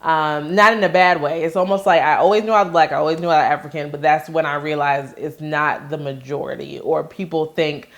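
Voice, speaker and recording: Woman host from Maryland, chatty storyteller who acts out quotes, voice sitting a little low. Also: fairly even intonation, a little fast, hardly any pauses. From Maryland, USA. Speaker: vlogger and host. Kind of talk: casual storytelling to camera.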